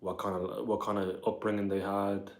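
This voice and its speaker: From his apartment, a Dublin man with a very low voice casually chats with his livestream audience, reading comments aloud and reacting to them. He speaks at normal speed with a flat delivery, rambling and leaning heavily on "like" and "bro."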